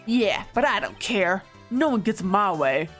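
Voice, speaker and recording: A woman voicing a loud, brash gangster man in a tiger suit, threatening and bullying, reading game text aloud. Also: medium pitch, sing-song, normal speed, soft background music. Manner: bullying, threatening, broken grammar.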